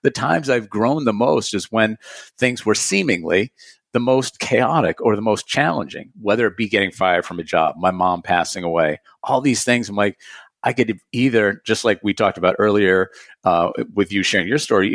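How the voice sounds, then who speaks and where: A man who teaches meditation, speaking as a guest on a podcast, earnest and reflective and quick to laugh. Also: lowish voice, fairly bright tone, no echo, studio quality. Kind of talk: conversational podcast interview.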